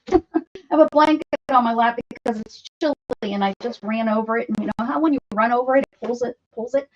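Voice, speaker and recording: A woman's voice: on the high side, a little fast, lo-fi sound, a little hiss or hum. A woman hosting a casual art livestream from her craft table at home, chatting with viewers and greeting them by name.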